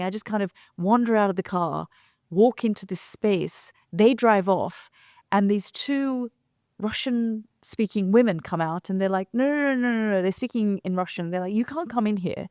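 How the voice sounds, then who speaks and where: A woman telling a story to her co-host, voicing what each person said in turn. Her pitch sits in the middle for a woman. The recording is dry and close, with no room sound. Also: animated, moderate pace, a little mellow, dry recording. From came from London. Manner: vivid storytelling, quoting others in dialogue. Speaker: journalist and co-host. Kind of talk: casual storytelling conversation.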